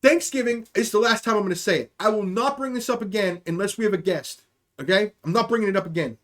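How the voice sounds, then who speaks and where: High-voiced young man rambling a story. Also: quick pace, a bit bright. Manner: rambling, profane, keeps asking "okay?". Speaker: livestream host. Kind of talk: casual storytelling chat.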